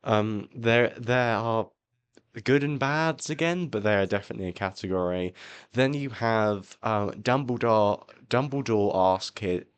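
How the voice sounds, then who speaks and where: A young man co-hosting a podcast in a rambling, animated comedic chat, often slipping into impressions. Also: fairly low pitch, unhurried, smooth. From England. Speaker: podcast co-host.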